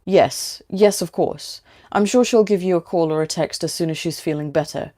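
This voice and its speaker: A woman voicing a caring young father in a storybook reading, soft and reassuring. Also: on the low side, normal speed, natural voice. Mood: gentle.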